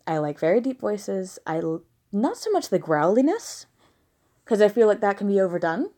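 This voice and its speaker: At home with her dog nearby, a woman from the American South reads out listener questions and answers them in a casual monologue. Her voice is medium-pitched, sing-song and warm at a moderate pace, and she's frank and blunt, breaking into giggly laughing asides.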